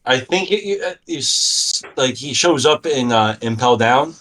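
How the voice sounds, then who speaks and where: A man's voice: medium pitch, lively intonation, a little slow, fairly bright tone, recorded from a distance. A man co-hosting a talk show, chatting casually in a hesitant, stammering way. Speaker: podcast co-host. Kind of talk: casual chat.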